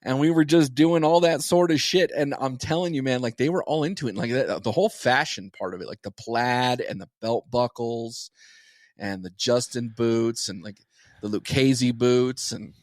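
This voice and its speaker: A man's voice: medium pitch, normal speed, no room sound, clean studio sound. A man co-hosting a podcast, rambling in crude casual chat with lots of swearing and restarts. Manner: rambling, profane, restarts a lot. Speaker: podcast co-host.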